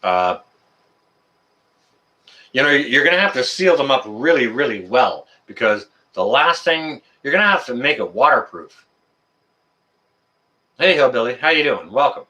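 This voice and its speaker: A man hosting a live stream, chatting casually with viewers in a rambling, excitable, jokey way. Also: mid-range voice. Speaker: livestream host answering chat.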